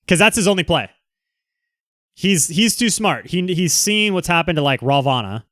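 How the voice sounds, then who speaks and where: A man's voice: fairly high pitch, animated, normal speed, sharp tone, no room sound, clean studio sound. A man hosting a livestream, reading viewer comments aloud and answering them in a frank, rambling way with many restarts. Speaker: livestream host.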